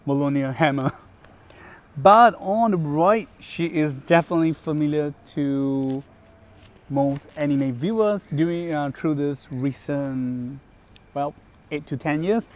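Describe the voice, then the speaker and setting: A man hosting a gaming channel, chatting casually about a character's voice lines. He speaks haltingly, with many fillers and self-corrections. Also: a little high, darkish tone. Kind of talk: casual commentary on game voice lines.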